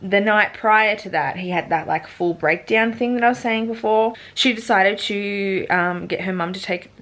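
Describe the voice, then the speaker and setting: A woman's voice: medium pitch, normal speed, fairly bright tone. A young woman talking casually about a book in a vlog, peppering her speech with "like" and swearing freely. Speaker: book vlogger.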